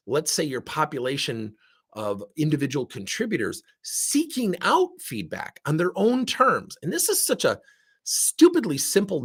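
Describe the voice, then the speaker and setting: A middle-aged man giving a fast, animated talk about leadership and coaching, acting out the dialogue in his stories. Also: a little high, husky. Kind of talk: lively talk.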